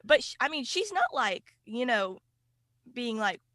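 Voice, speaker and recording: A woman co-hosting a podcast in casual chat, calmly arguing her point with plenty of fillers. Her voice sits somewhat high. The recording is close and dry. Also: a little slow, dry recording. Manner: calm, reasoning, filler-heavy explaining. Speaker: podcast co-host.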